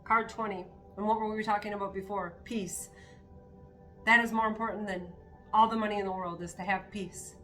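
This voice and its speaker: A woman's voice: medium pitch, steady tone, brisk, fairly bright tone, soft background music. A woman giving a spiritual card reading to her viewers, talking in an earnest, encouraging way with spontaneous asides. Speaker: tarot card reader.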